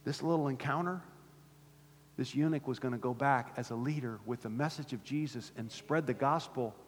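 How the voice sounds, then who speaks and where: A pastor preaching a sermon to his church, swinging from fervent high calls to low, quiet points. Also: moderate pace, a little hiss or hum. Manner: impassioned, rising to near-shouts then dropping low. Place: church sanctuary. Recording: long hall reverb.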